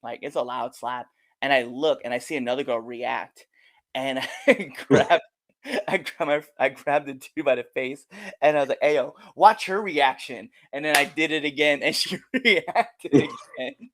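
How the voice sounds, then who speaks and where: Animated man telling ring stories. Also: mid-range voice, normal speed. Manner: animated, loud when acting out quotes. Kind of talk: casual storytelling chat.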